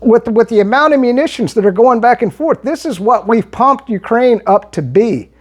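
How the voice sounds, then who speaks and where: A man answers his viewers in a heated, argumentative monologue. His pitch swings up and down animatedly, and he often stumbles and restarts mid-sentence. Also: animated, normal speed. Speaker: political commentary vlogger. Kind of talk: monologue reading and replying to viewer comments.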